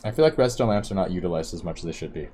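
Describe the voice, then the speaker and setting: A young man mutters his way through a building game in a very deep voice that still jumps about in pitch. He thinks aloud, quiet and unhurried, with faint keyboard clicks behind him. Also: lively intonation, slight background noise. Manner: quiet, musing, talks to himself while building. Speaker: gameplay streamer. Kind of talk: casual gameplay commentary.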